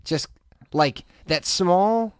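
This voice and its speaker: A man co-hosting a podcast, telling stories in a casual chat and acting out other people's lines in sudden high voices. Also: extremely slow, smooth, dry recording, clean studio sound. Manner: animated, acts out other people's voices with big pitch jumps. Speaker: podcast co-host.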